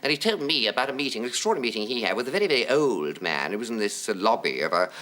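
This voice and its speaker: A man in his fifties, a chat show guest telling anecdotes in a theatrical way, with arch, drawn-out vowels and mimicry of the voices in his stories. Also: mid-range voice, very animated, sharp tone. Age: 50s. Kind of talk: anecdotal storytelling.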